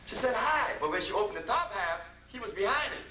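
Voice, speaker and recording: A man's voice: sits high, animated, fast, sharp tone. A man giving a storytelling lecture as a healer, folksy and repetitive, acting out dialogue. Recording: echoey room, distant mic, noisy.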